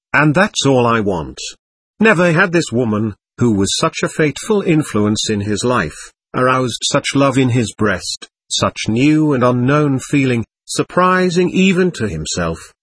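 A male narrator reads a classic novel with expressive, animated intonation. His voice has a husky grain, and the recording is dry and close. The delivery is measured, steady storytelling. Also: medium pitch, dry recording. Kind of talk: audiobook narration.

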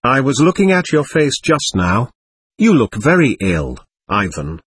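A man reading a timid, grieved young man pleading with his brother, in a husky voice. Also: medium pitch, huge pitch swings, measured pace, no room sound, heavily acted.

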